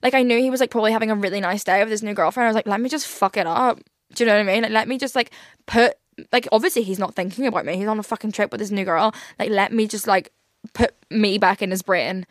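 A woman's voice: mid-range voice, fast talker, no echo, studio quality. A young woman hosting a casual solo podcast, rambling candidly with plenty of "like" fillers and swearing. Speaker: podcast host.

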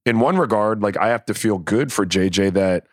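A man's voice: on the low side, moderate pace, no echo, studio quality. A man co-hosting a sports podcast, giving earnest opinions with stammered restarts. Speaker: podcast co-host. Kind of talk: casual sports chat.

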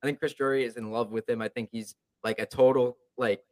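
A man with a mid-range, slightly mellow voice speaks a little fast and with fairly even intonation. Co-hosting a podcast, he chats casually in an easygoing, rambling way, often restarting his sentences.

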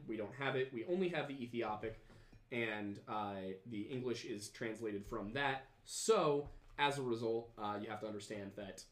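A man's voice: medium pitch, roomy sound. A man hosting a podcast, chatting casually and reading viewer comments, rambling with many fillers and restarts. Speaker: podcast host.

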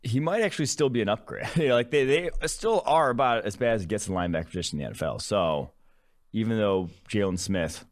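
A man with a very low voice co-hosting a sports podcast. He talks in a relaxed, wry way and lays out his analysis in detail. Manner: wry, analytical, quick to explain. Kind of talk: casual sports podcast chat.

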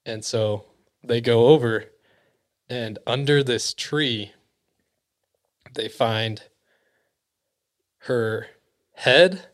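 A man casually telling a spooky story among friends, acting out the quoted voices and often dropping to a hushed near-whisper. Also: medium pitch.

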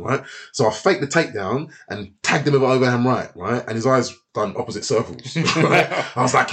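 This man talks fast in a mid-range voice, barely pausing, as he shares fight stories in a casual chat. Expect heavy swearing, plenty of animation, and acted-out voices for the characters.

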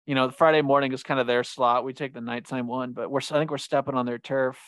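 A man's voice: medium pitch, fairly even intonation, fast, a bit bright, no room sound. Chatty male podcast co-host, exclaims over stats, dry close recording. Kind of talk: casual sports podcast chat.

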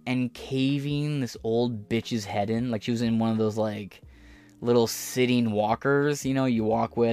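An American man hosting a podcast, rambling through a casual, profane and sarcastic rant that drifts off topic. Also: medium pitch. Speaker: podcast host. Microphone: audio-only podcast mic.

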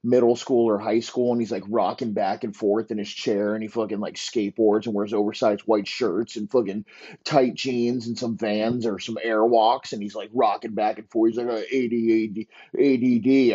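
Podcast host, male, crude rambling rant, darkish low voice, muffled home mic. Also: warm tone, breathy edge. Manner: crude, profane, ranting. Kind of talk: rambling comedic monologue. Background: dogs barking.

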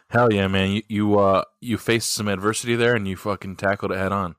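A man's voice: on the low side, steady tone, moderate pace, fairly bright tone, clear, resonant tone, dry recording, clean studio sound. A man co-hosting a podcast in casual chat, encouraging and laughing, with many ums and uhs. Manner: laughing, encouraging, heavy with fillers. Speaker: podcast co-host.

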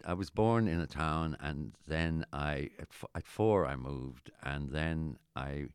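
A middle-aged Irish man chatting casually as an interviewee, rambling and halting with many restarts. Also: very deep voice, clear, resonant tone, no room sound, clean studio sound. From Ireland. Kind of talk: casual chat.

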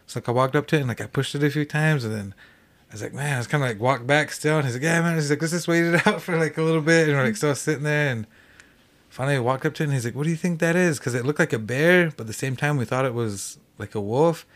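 A man as a podcast guest, telling a hunting story in a rambling way, full of "like" fillers. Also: a little high. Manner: fast rambling with many "like" fillers. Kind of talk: casual storytelling.

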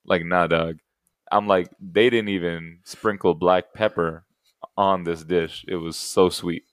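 A young man co-hosting a podcast in casual chat, telling animated stories and acting out the people he quotes. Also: sits low, unhurried, no echo, clean studio sound. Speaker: podcast co-host.

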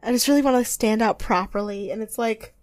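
A young woman chatting loosely as a podcast co-host, her voice sitting a touch high. She rambles and giggles, trips over her words, and slips into quick impressions of the people she is talking about. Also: a little mellow. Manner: rambling and giggly, with lots of fillers and acted quotes. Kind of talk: casual chat recapping a TV show.

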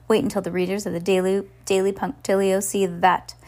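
A woman's voice: mid-range voice, level tone, brisk, a little mellow, natural voice. A woman voicing an eager, gossipy female newspaper reporter who gushes and pleads breathlessly in a storybook reading. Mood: gushing.

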